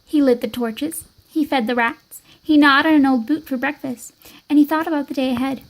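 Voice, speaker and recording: A woman reading a children's picture book aloud with expressive, lively storytelling. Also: high voice, normal speed, poor audio. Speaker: storybook reader.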